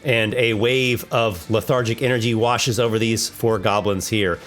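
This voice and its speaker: Over soft background music, a man hosts a tabletop monster battle, narrating the combat enthusiastically and thinking aloud as the dice are rolled. His voice is lowish and a bit bright, with fairly even intonation and a normal pace.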